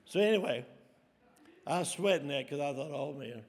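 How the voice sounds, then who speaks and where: A man's voice: on the high side, animated, normal speed, creaky. A middle-aged man, telling rambling, self-deprecating stories from the pulpit. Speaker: preacher. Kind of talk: storytelling sermon. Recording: long hall reverb.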